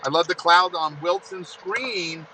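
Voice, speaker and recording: A man's voice: sits high, a little slow, bright, forceful tone, slight background noise, poor audio. A man hosting a live trivia stream, upbeat and playful as he reads questions, speaking from a vehicle. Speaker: trivia host.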